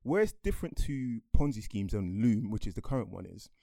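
A young adult man, explaining things in a relaxed, chatty way as a podcast co-host and laughing often. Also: on the low side, a little fast, creaky, no room sound. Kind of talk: casual chat.

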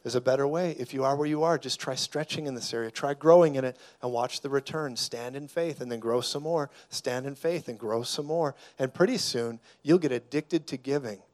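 A man preaching a sermon as a guest preacher, declaring loudly at times and then dropping to a hushed, intense tone, with jokes along the way. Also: mid-range voice, normal speed, hardly any pauses. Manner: jokey, laughs mid-sentence.

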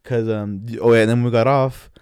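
In casual chat, a young man races through a story with a dark, mellow, resonant voice that stays steady, brisk and clear, rambling with slang, restarts and voices for the people involved. The recording is close and dry, with no room sound.

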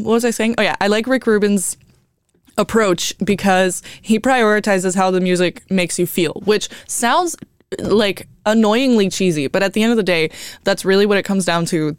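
Chatty young woman radio host, smooth voice. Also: medium pitch, no room sound. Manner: chatty, rambling, swears freely, laughs often. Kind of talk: casual radio monologue.

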